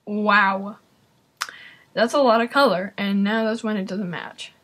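A woman's voice: medium pitch, a little slow. A woman giving casual reaction commentary to a video, exclaiming often and talking straight to her viewers. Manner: excitable, exclaims and talks to viewers.

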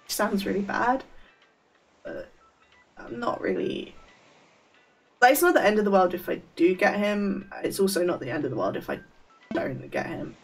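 A woman's voice: medium pitch, sing-song, a little slow, long pauses, slightly rough, far from the mic, soft background music. A woman chatting casually on a game live stream, rambling with stammered restarts and frequent laughs.

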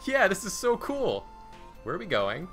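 A man's voice: sits high, huge pitch swings, normal speed, fairly bright tone, faint music behind, pitched above the performer's own voice, full character voice. A man voicing an eager young bard in a video game, wide-eyed and enthusiastic.

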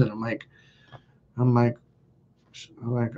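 A man's voice: mid-range voice, measured pace, pauses often, mellow, muffled recording. A man hosting a live stream, telling stories in a blunt, profane, self-mocking casual chat. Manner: blunt, profane, laughs at himself.

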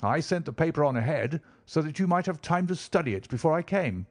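A man doing an anxious country gentleman. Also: a little high, lively intonation, fairly quick, voice pushed up.

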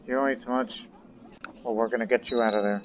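A man's voice: mid-range voice, steady tone, fast talker, a little hiss or hum. A man giving casual gameplay commentary as a let's play host, chatting to the characters on screen. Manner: chatty, talks to game characters.

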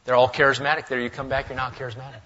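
A male pastor preaching a sermon in a church, lively and swinging between loud, emphatic lines and hushed asides. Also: medium pitch, rapid-fire, muffled recording, a little hiss or hum. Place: church sanctuary.

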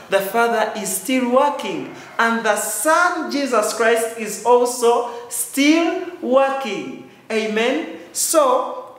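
High-voiced man preaching to children. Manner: call-and-response, repeats key lines. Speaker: children's church teacher. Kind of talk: children's sermon. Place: church hall. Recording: very echoey church hall.

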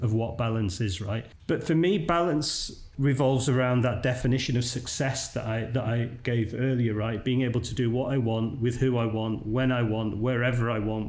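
A man's voice: mid-range voice, darkish tone. Chatty man in a roomy space. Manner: chatty, keeps checking in with "right?". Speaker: podcast guest, dental marketing entrepreneur. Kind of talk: casual conversational interview. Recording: roomy echo.

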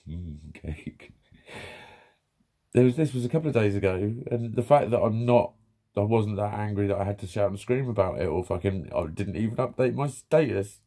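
A man's voice: lowish voice, warm tone. A man in his fifties rambling casually in a vlog, swearing freely and chuckling to himself. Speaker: vlogger.

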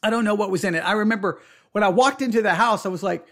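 A man with a high voice recounts a mishap in a casual, animated way. He stammers and restarts often and jumps up into his own panicked outbursts as he acts them out. He sounds middle-aged. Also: quick pace. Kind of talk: casual storytelling.

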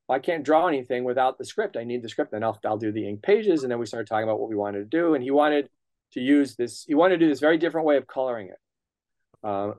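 A man's voice: mid-range voice, dry recording. A middle-aged man telling stories as an interview guest. He acts out quoted dialogue and swears casually. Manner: lively storyteller who acts out quoted dialogue. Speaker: guest, comics writer and colorist. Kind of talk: anecdotal interview storytelling.

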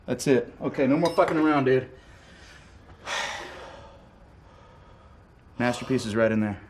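A man's voice: mid-range voice, a little fast, slight background noise, natural voice. A man playing a profane, bossy rock singer. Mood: earnest. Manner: profane, impatient, bursts into shouting and singing. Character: brash, bossy young male rock musician. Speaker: band leader. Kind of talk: improvised film comedy. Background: loud guitar playing.

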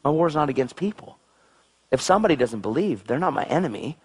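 A male preacher with a husky, slightly breathy voice delivers an excitable sermon. His pitch leaps about, dropping low and intense, then shooting up in exclamations. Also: fast talker. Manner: excitable, exclamatory, swings between low intensity and high outbursts.

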